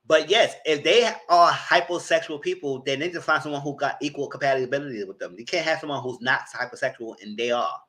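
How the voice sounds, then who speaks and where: A man giving a live commentary on a reality dating show, retelling scenes and talking back to the people in them in a sassy, animated way. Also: quick pace, few pauses. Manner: jumps to high squeals and laughing bursts.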